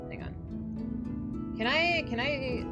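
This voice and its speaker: A woman's voice: high-pitched, drawn-out words, lo-fi sound, loud music behind the voice. A woman streaming a video game, chatting casually with viewers, giggly and emotional, often laughing through tears, with many restarts. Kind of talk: casual livestream chat while gaming.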